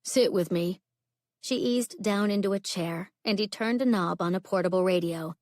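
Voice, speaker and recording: A woman's voice: mid-range voice, moderate pace, a little mellow, no room sound, clean studio sound. Woman narrating a romance audiobook. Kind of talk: scripted narration.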